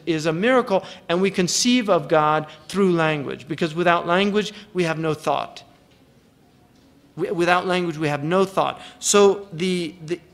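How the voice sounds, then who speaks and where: A man's voice: fairly high pitch, a bit bright. A man giving an earnest religious lecture, restarting phrases often and reciting Arabic verses. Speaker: Islamic lecturer.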